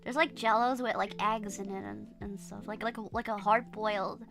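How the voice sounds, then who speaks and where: A woman streamer chatting casually and loudly, laughing often, swearing freely and apologizing over and over. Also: medium pitch, fairly even intonation, moderate pace, vocal fry, over music. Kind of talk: casual livestream chat.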